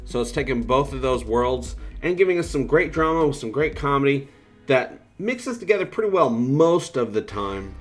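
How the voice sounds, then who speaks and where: Man hosting a rambling livestream chat. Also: mid-range voice. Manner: rambling, joking, loose. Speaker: livestream host. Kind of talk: casual livestream chat reading viewer comments.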